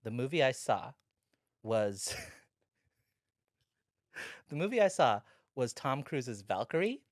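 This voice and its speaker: Deadpan woman telling comedy anecdotes. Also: rumbling low, slow pace, no echo, clean studio sound. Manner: deadpan jokes, rambling anecdotes. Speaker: guest comedian. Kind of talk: casual comedic storytelling.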